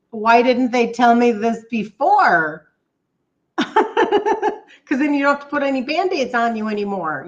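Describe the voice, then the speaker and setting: A woman in her fifties, a health coach chatting warmly and excitedly with viewers on a live stream, reading out their comments. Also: a little high. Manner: bubbly, gushing, reads out viewer comments. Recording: slightly dull lo-fi stream audio.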